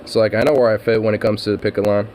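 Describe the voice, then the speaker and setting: A man's voice: on the low side, level tone, rapid-fire, darkish tone, a little hiss or hum. A man chatting casually on his own vlog, rambling and swearing, with laughs and lots of fillers. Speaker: vlogger.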